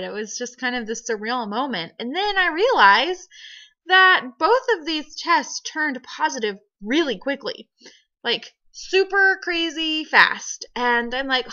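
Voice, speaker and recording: Young female vlogger, bright, forceful voice; chatty, giggly storyteller. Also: a little high, unhurried. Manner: giggly, animated, frequent laughs. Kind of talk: casual storytelling vlog. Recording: dull lo-fi home video audio.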